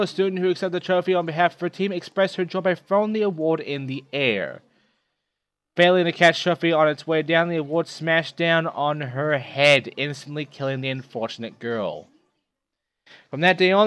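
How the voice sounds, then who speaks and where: A man's voice: on the high side, fairly bright tone, dry recording. A young man hosting a let's play, reading game items aloud with profane, jokey, self-mocking asides. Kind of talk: casual gameplay commentary, reading items aloud.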